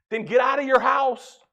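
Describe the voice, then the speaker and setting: A folksy preacher with a fairly high voice that swings widely up and down as he jokes and acts out little conversations. The sermon comes through a dull, lo-fi recording. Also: animated, moderate pace. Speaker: pastor.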